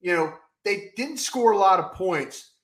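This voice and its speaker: Animated, high-voiced man in a roomy space. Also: a little slow. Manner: emphatic, folksy, repeats "I'll tell you what". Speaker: co-host. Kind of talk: casual sports talk. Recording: roomy echo.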